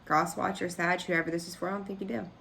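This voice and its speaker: A woman's voice: fairly low pitch, flat delivery, quick pace, gravelly, pushed and bright. A woman giving a casual tarot reading, blunt and frank, scolding her listeners and rambling with restarts. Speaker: tarot reader.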